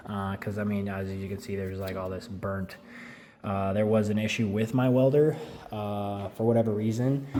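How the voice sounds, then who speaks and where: A man's voice: on the low side, a little mellow, slight background noise. A man in his thirties casually talking through his car build in a home garage, rambling with lots of fillers.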